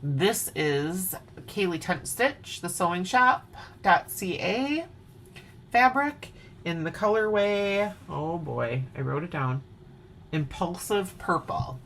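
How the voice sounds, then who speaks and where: A woman's voice: lowish voice, animated, takes it slowly, a bit bright, slight background noise. A woman with an Upper Midwest accent from Wisconsin, chatting playfully as she shows off her cross-stitch projects at home. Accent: Upper Midwest American. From Wisconsin, USA. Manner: chatty, playful, sings snatches of songs. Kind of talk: casual show-and-tell chat. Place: home at night.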